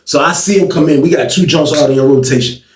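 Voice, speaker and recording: A man casually telling a story in a slangy, animated way, acting out scenes. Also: a little high, quick pace, a little hiss or hum. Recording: roomy sound from a distant mic.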